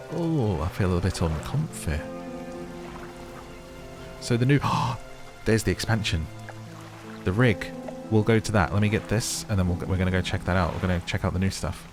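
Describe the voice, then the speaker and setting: A man's voice: low-pitched, vocal fry. A man with a London accent chatting casually while playing a video game and reading its text aloud. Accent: London English. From England. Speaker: gameplay streamer. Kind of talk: relaxed let's-play commentary. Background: game music.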